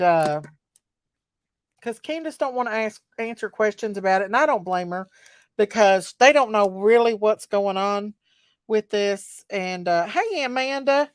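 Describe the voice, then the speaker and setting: A woman's voice: medium pitch, expressive, a little slow, clean tone, no echo, clean studio sound. A middle-aged woman, hosting a casual livestream chat, greeting viewers by name in a folksy way. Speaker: livestream host.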